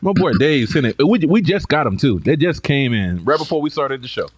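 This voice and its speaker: A man's voice: on the high side, sing-song, fairly quick, breathy edge, no echo. A man co-hosting a casual podcast, joking and playing mock-offended. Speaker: podcast co-host. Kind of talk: casual chat.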